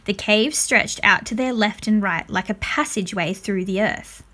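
A woman reading a children's book aloud, narrating chapter by chapter in a calm, even way. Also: mid-range voice, normal speed, hardly any pauses, background noise. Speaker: storyteller.

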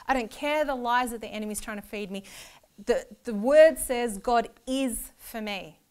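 Earnest woman teaching in a smooth voice. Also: a little high, moderate pace. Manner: earnest, emphatic, repeats key words; excitable, laughs easily. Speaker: Bible teacher. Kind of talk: church lecture on meditation.

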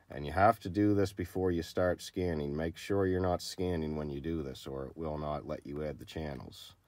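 A man's voice: very deep voice, a little mellow, dry recording. A man hosting a casual how-to video, explaining a repair in a laid-back, rambling, plain-spoken way. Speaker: channel host showing car diagnostics.

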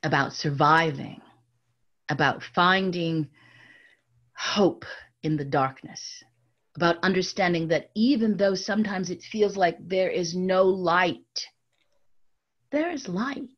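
In this oral storytelling lecture, a woman with a fairly low voice narrates slowly, leaving long pauses. She talks to her listeners directly, shifting from bright, raised delivery to hushed near-whispers, and the audio sounds dull.

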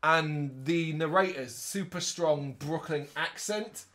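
A man with a voice a little higher than most men's co-hosts a casual film review podcast. He recaps scenes in an animated way and slips into brief put-on voices for quick jokes. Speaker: podcast co-host. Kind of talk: casual movie review chat.

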